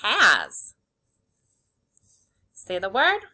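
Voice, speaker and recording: In a phonics lesson for young children, a woman teacher slowly sounds out words in clearly separated pieces and gives simple, encouraging instructions. Her mid-range voice is bright and forceful, with pitch that swoops wildly.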